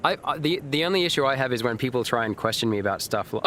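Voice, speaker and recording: This man streams a game live, his mid-range voice animated, rapid-fire and fairly bright over a little hiss or hum. He reads viewers' messages out and responds in a rambling, casual way, restarting often, leaning on fillers and cursing occasionally.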